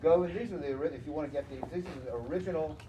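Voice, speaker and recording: Older man, slightly high, distant echo. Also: very fast. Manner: relaxed retelling of anecdotes. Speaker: bridge club founder. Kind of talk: casual storytelling chat. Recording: echoey room heard from far off with noise.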